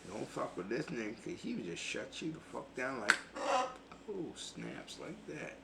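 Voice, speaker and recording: A man's voice: mid-range voice, big pitch swings, unhurried, creaky. A man, a self-styled preacher vlogger, boasting, taunting and swearing in a profane, confrontational rant. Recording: noisy background ambience.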